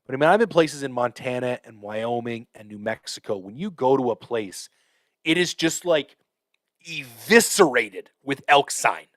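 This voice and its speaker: A man hosting a podcast, telling a hunting story in a casual, profane, animated way with lots of fillers. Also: mid-range voice, normal speed, dry recording. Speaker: podcast host.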